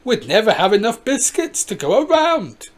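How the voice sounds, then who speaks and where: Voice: medium pitch, sing-song, moderate pace, voice pushed up, close to an everyday voice. A reader voicing a chatty hospitable wife. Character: postman's wife, bright and hospitable.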